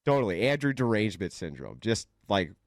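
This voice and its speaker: A man's voice: fairly low pitch, big pitch swings, brisk, no room sound, clean studio sound. A man hosting a livestream, reading posts aloud and mocking them in a profane, laughing way. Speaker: livestream host.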